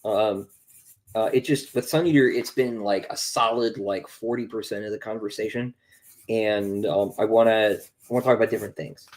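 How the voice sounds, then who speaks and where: A man's voice: on the low side, steady tone, moderate pace. A young man, an author, chatting casually on a livestream, reading out viewer questions and answering with lots of ums and restarts. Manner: rambling, many ums and restarts, reads questions aloud.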